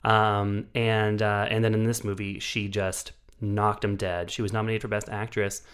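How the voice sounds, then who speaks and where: A man's voice: on the low side, level tone, normal speed, a bit bright, smooth. Wry, chatty male podcast host. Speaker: podcast co-host, film critic. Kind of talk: casual chat.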